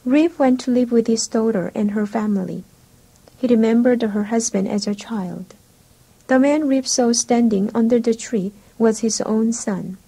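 Breathy, mellow woman narrating a storybook. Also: on the high side, low-quality recording. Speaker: audiobook narrator. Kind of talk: scripted storybook narration for English learners.

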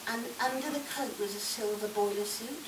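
A woman's voice: fairly high pitch, normal speed, a crowd in the background, natural voice. A woman playing a cheeky, chatty newborn baby girl, telling a rambling story with giggles and constant tangents in a live comedy act. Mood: giggly. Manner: giggly, rambling, easily sidetracked. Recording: echoey, distant mic, loud background noise.

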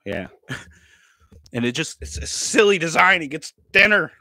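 Laughing, swearing livestreamer. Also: male voice, a little high, big pitch swings, normal speed, sharp tone, no echo. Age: 30s. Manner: laid-back, joking, laughs often, swears casually. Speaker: livestream vlogger. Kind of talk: casual livestream chat.

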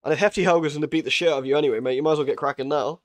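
A man's voice: on the high side, fairly even intonation, rapid-fire. A young man chatting casually while live-streaming a horror game, joking, swearing and laughing often.

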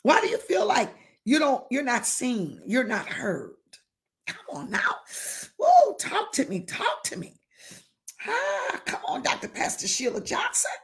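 A woman's voice: high-pitched, wildly swooping pitch, measured pace. A woman bishop preaching a fervent sermon, firing rhetorical questions and calling out to listeners, sometimes dropping to a whisper.

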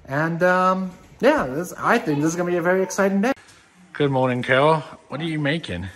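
A man's voice: a little high, lively intonation, fairly quick, a bit bright, a little hiss or hum. A middle-aged man chatting casually to viewers in a family vlog at home, rambling with lots of fillers. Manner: rambling, with many "uh" and "you know"; speaks to the viewers directly as "guys". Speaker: family vlogger and dad. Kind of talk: casual vlog chat to camera.

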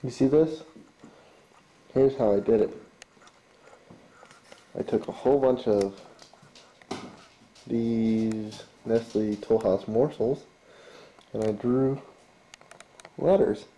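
A man's voice: medium pitch, slow pace, long pauses, mellow, low-quality recording. A man talking playfully and joking in casual family chat at home.

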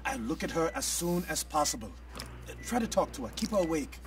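An actor playing a brisk, stern male emergency room physician who is short on time, in video game voice acting. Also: sits high, very animated, gravelly, recorded from a distance, crowd noise, exaggerated voice. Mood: harried. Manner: brisk, officious, rushed.

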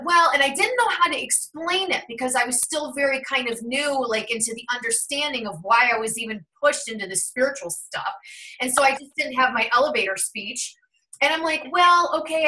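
A woman in her thirties with a bright, sharp, fairly high voice tells a personal story in a loose, chatty way. She acts out the quoted remarks as she goes. Her voice sounds a little distant from the mic. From Ohio, USA. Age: 30s. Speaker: host of a tarot and numerology channel. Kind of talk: casual storytelling on a call.

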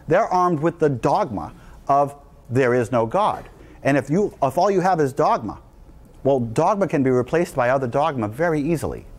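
A man's voice: medium pitch, animated, normal speed. A man giving a speech to an audience, emphatic and rousing. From United States. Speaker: speaker.

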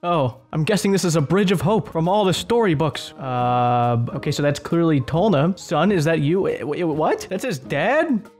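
A young man with a fairly high voice talks through a game in a sarcastic, crude way, flaring up into excited outbursts. Soft music plays faintly behind him. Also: moderate pace. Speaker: gaming video host. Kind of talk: gameplay commentary.

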